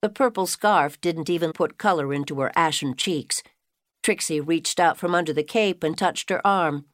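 A woman narrating an audiobook in a steady, even storytelling manner. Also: sits low, moderate pace, dry recording, studio quality. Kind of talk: scripted narration.

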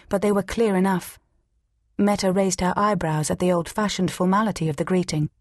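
A woman narrating an audiobook in a measured, steady reading. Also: lowish voice, no echo, studio quality. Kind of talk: scripted narration.

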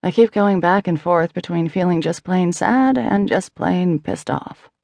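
Woman voicing a wry young widow, slightly gravelly. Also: lowish voice, unhurried, darkish tone, dry recording. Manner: candid, wry, restrained sadness. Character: young widowed mother, former beauty queen, wry. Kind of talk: audiobook character voicing.

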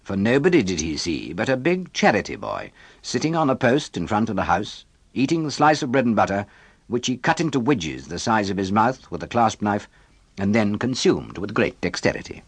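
A man narrates a classic novel in a low voice that moves a lot in pitch. His storytelling is measured and expressive. The recording is dry and close. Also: husky, no echo. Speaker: audiobook narrator.

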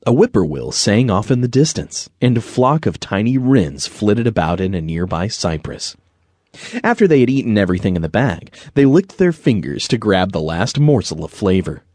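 Male audiobook narrator, husky and expressive, dry close studio sound. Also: fairly low pitch, normal speed, dry recording. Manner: gentle storytelling. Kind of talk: scripted narration.

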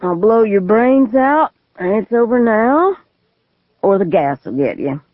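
A woman's voice: mid-range voice, sing-song, unhurried, no echo, pitched above the performer's own voice. A woman voicing a drunk, suicidal middle-aged male lawyer with a mocking, drawling manner, on a tinny, phone-like recording. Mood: taunting. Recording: tinny phone-like, dry audio.

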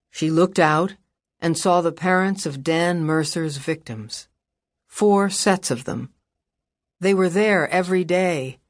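A woman reading a crime novel aloud as audiobook narrator, measured and wry. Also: fairly low pitch, dry recording, studio quality. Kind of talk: scripted narration. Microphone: close studio mic.

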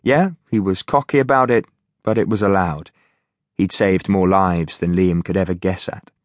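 A man reading an audiobook as narrator in a steady, measured way. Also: sits low, dry recording, studio quality. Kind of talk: scripted narration.

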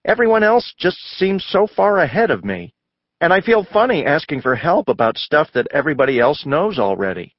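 A man's voice: sing-song, normal speed, no room sound, muffled recording. A man voicing a shy, hesitant young schoolboy in a storybook reading. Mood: unsure. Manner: hesitant, higher voice.

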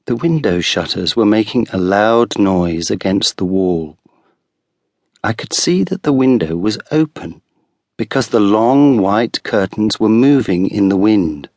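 A man narrating a first-person story for an audiobook with clear, deliberate delivery. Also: lowish voice, expressive, a little mellow, no room sound. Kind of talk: scripted first-person narration of a graded reader.

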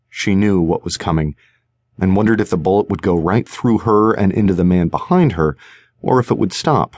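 A man narrating a suspense audiobook in a measured, tense manner. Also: sits low, darkish tone, no room sound. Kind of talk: scripted narration. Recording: dry studio recording.

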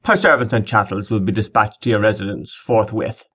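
A man's voice: fairly low pitch, fairly quick, a bit bright, breathy edge. Contemptuous villain marquess, mocking drawl, read by a male narrator. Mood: dismissive. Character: sneering, menacing older male marquess.

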